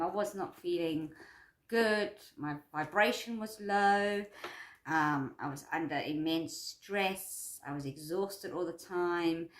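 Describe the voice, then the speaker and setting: A woman's voice: fairly low pitch, echoey room. A woman doing a personal check-in vlog about her course, talking in a rambling, repetitive, upbeat and self-affirming way. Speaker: vlogger and course creator.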